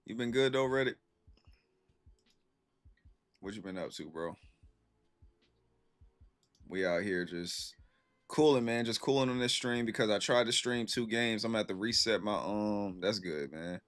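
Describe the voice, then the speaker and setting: A young man talks loosely to his stream viewers, slangy and unhurried. His voice sits a little low, and he comes through a close computer mic. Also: a bit bright. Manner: laid-back slangy storytelling, reacting to chat. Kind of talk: casual chat with stream viewers.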